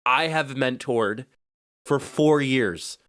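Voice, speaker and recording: This young co-host of a laid-back podcast speaks slowly in a mid-range voice, yet stays animated, working himself up and laughing often. The recording is clean studio sound without echo.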